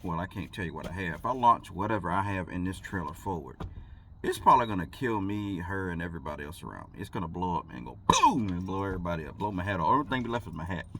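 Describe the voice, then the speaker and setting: A man's voice: low voice, lively intonation, fast, vocal fry, a bit bright, a little hiss or hum. A man, a truck driver, telling a story in a rambling, casual way and laughing between thoughts.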